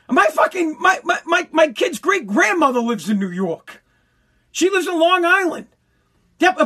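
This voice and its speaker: High-voiced man in a profane, heated rant. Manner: heated, profane, bursts into shouting; stumbling restarts when worked up. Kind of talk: angry political rant.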